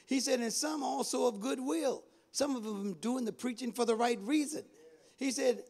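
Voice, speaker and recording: A bishop preaching a Bible study sermon, swinging between loud calls and low drawn-out phrases and calling out to the congregation. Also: male voice, creaky.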